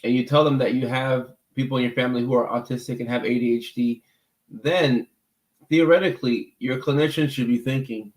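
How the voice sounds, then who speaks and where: A man's voice: medium pitch, steady tone, fairly quick, roomy sound. A man hosting a casual livestream as a mental health clinician, answering viewer comments in an easygoing, talkative way and often repeating words as he thinks.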